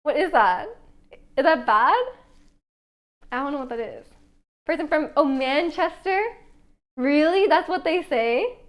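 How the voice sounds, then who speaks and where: A young woman with a high voice chats on a live stream from her home kitchen. She reads viewers' messages aloud and rambles easily between them, filling her sentences with "like". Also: animated, slow pace, long pauses. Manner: chatty, reads chat aloud, many "like" fillers. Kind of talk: casual live-stream chat while baking.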